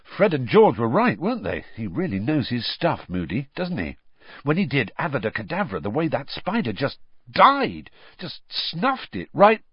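A man's voice: mid-range voice, huge pitch swings, moderate pace, breathy edge, no room sound, muffled recording, voice pushed up. A man voicing a blunt, chatty teenage boy in an audiobook reading. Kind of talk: audiobook character voice.

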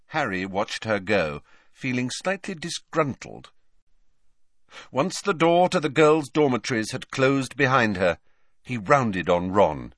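A man narrating an audiobook, his pitch sitting in the middle of the range but moving with lively ups and downs. He tells the story in a steady, measured way, and the sound is dry and close with no room around it. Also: dry recording.

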